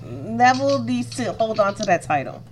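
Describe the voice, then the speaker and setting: A woman's voice: on the high side, sing-song, moderate pace. A woman joining a casual podcast chat, dry and teasing.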